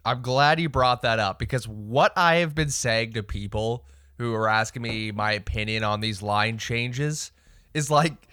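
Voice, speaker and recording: A man's voice: medium pitch, measured pace, bright, forceful tone, clear, resonant tone. A man co-hosting a casual sports podcast, laid-back and blunt in a chatty way. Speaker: podcast co-host.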